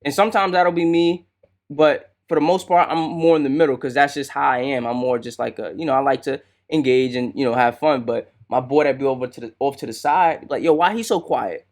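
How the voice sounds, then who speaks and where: A man hosting a podcast, giving casual commentary in a relaxed, slangy way and often asking "right?". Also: medium pitch, fairly quick. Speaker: podcast host reacting to a clip.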